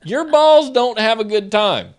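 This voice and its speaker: A man talking in easy back-and-forth with his co-host. His voice sits a little high and leaps around as he tells joking stories. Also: measured pace, smooth. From United States. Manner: animated, joking storyteller. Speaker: podcast co-host. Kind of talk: casual chat.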